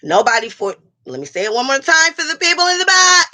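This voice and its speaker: A woman's voice: high-pitched, very animated, quick pace, sharp tone. A woman hosting a casual livestream and talking straight to her viewers. She is blunt and profane and speaks. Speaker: livestream host reading chat.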